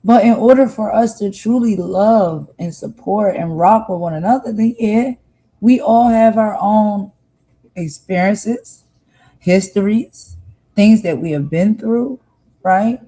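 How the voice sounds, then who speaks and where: Speaking slowly in a mid-range, dark-toned voice, a US livestream host delivers a sincere, heartfelt monologue to her viewers, frequently repeating points for emphasis. The audio is poor.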